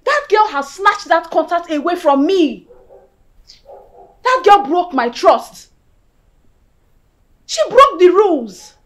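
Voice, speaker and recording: Furious betrayed young woman, very high voice, all over the place, music under it. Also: sing-song, normal speed. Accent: Nigerian. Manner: shouting accusations, switching into Pidgin. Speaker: actress. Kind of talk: film acting.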